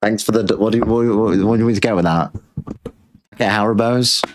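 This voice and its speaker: A man's voice: on the low side, quick pace, background noise. A British man hosting a livestream, talking in a crude, sarcastic, ranting way. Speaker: streamer host. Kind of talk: livestream rant.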